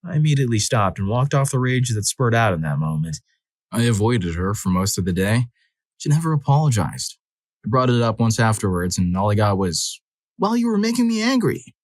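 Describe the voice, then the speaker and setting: A man with a fairly low voice narrates a string of short personal stories, reading them expressively and leaning into the drama. His voice is recorded close and dry, with no room sound around it. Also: animated, fairly quick, no echo. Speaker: story narrator. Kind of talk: scripted narration of reader stories.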